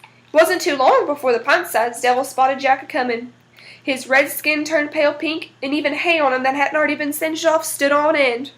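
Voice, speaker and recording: A woman storyteller reading a folk tale aloud in a folksy, lively way. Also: high-pitched, normal speed.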